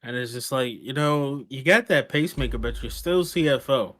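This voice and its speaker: A man's voice: medium pitch, moderate pace, a bit bright. A man co-hosting a wrestling podcast, joking bluntly and swearing in casual chat. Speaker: podcast co-host.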